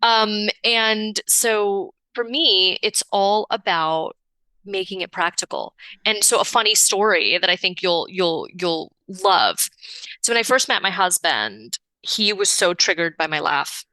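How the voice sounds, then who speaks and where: A bright, lively woman coach chatting on a podcast, cursing often and jumping high in pitch as she acts out stories. Recorded close and dry, with no room sound. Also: measured pace, dry recording. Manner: expressive, swears freely, big pitch swings when acting out stories. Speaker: podcast guest, relationship coach. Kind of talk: casual conversational interview.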